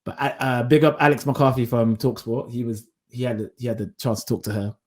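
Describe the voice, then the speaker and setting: A man in casual chat on a podcast, mid-pitched and easygoing. He tells anecdotes with energy, acting out what each person said. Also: fairly quick. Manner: animated storytelling, acts out quotes. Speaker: podcast co-host.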